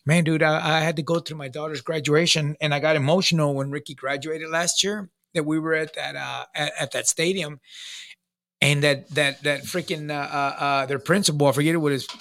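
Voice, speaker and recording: A middle-aged man with a fairly high, gravelly voice and a bright, edgy tone. He rambles through stories in casual host chat, stacking fillers and calling his listener "dude" and "bro". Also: fairly even intonation, brisk, dry recording. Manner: filler-heavy, restarts, slangy "dude" and "bro". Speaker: podcast host in recovery.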